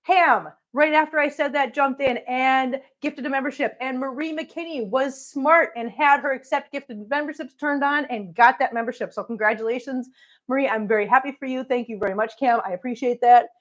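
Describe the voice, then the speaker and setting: A woman's voice: sits high, normal speed. Chatty woman on a lo-fi stream. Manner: chatty, talks to her cats and chat viewers. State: out of breath. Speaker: cat channel vlogger. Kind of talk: casual livestream chat while cleaning.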